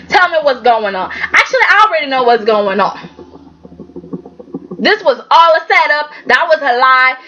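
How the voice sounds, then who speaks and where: A woman's voice: high-pitched, sharp tone, slight background noise. A woman recapping a soap opera in a sassy, chatty vlog, talking straight to the characters. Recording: slightly dull lo-fi recording.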